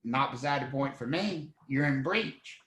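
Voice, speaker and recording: A man's voice: medium pitch, expressive, unhurried, fairly bright tone, roomy sound, voice pushed down, rough recording. A man voicing an exasperated judge who bluntly dismisses a case. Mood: fed up.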